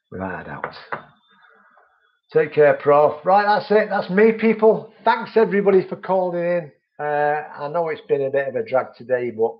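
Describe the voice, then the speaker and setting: Male stream host, chatty and friendly, mid pitch, muffled low-fi sound. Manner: chatty, friendly, calls viewers mate. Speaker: vaping channel host. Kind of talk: live-stream chat reading viewer comments.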